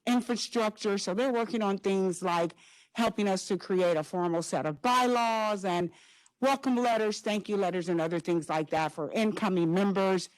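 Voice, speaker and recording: A woman's voice: mid-range voice, normal speed, rough recording. Woman giving an orderly formal update. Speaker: diversity goals coordinator. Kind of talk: town hall update.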